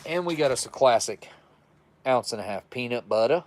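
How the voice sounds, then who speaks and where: A man's voice: mid-range voice, animated, moderate pace, a little hiss or hum. A man hosting a casual livestream, reviewing old military rations and chatting with viewers in a folksy, self-described redneck way.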